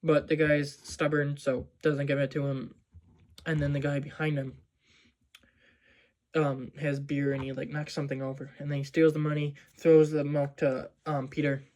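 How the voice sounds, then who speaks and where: A man with a slightly high voice talks through a movie's plot in a loose, casual way. He rambles and fills his speech with "um" and "like" as he goes. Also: little pitch movement, moderate pace, darkish tone. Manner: rambling, many fillers like "um" and "like". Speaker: movie reviewer.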